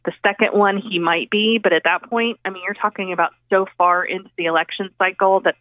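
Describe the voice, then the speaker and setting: A woman's voice: medium pitch, fairly even intonation, a little fast, no echo. A woman from Oklahoma, a journalist guest, chatting casually about politics with plenty of fillers over a phone line. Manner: chatty, agreeable, many fillers.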